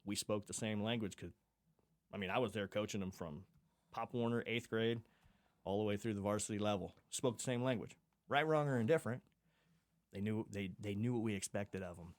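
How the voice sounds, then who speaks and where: A middle-aged football coach talks as a podcast guest, his voice low and the recording dry. He recalls things in a matter-of-fact way, often repeating words as he goes. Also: a little fast, no room sound. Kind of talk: casual interview talk.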